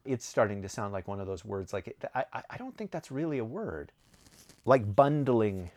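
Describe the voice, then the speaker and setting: A man's voice: lowish voice, big pitch swings, fast talker. A man talking casually about his own writing, rambling, correcting himself and laughing at his stories. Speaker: author answering reader questions. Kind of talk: casual chat.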